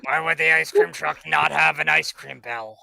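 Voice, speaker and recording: A man's voice: a little high, fairly even intonation, moderate pace, gravelly, sharp tone, no echo. A man playing in a tabletop game, chatting casually and asking lots of questions. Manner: curious, questioning. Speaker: player.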